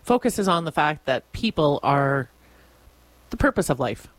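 A woman co-hosting a radio show, relaxed, summarizing a story with plenty of fillers and soft hums. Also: sits low, unhurried, no echo. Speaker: radio co-host. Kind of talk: casual radio chat. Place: radio studio. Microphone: studio microphone.

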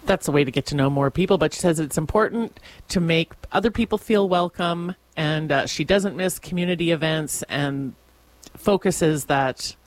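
A woman co-hosting a radio show, relaxed, summarizing a story with plenty of fillers and soft hums. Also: sits low, moderate pace, no echo. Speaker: radio co-host. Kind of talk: casual radio chat. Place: radio studio. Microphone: studio microphone.

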